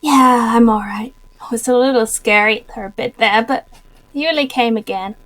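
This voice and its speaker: A woman's voice: fairly high pitch, normal speed, fairly bright tone. A woman player speaking in character in a tabletop game, bubbly and eager. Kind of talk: tabletop role-play in character.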